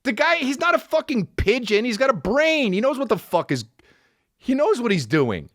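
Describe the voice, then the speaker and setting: A man in his thirties hosting a casual comedy podcast, telling a story with lots of profanity, restarts and quick asides. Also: very high-pitched, big pitch swings, a bit bright, no room sound, studio quality. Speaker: podcast host.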